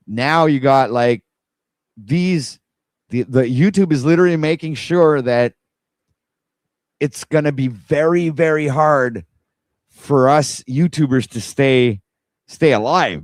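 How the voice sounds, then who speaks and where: A man of middling pitch hosts a casual livestream and rambles on in an exasperated tone, talking straight to his viewers. His voice sits close and dry, with no room sound around it. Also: animated, slow pace, no room sound. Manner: rambling, exasperated, talks to viewers while scrolling. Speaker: livestream host.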